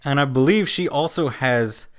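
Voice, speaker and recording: A man's voice: mid-range voice, normal speed. An American man co-hosting a podcast, chatting casually about a movie in a teasing, joking, rambling way. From United States. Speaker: podcast co-host.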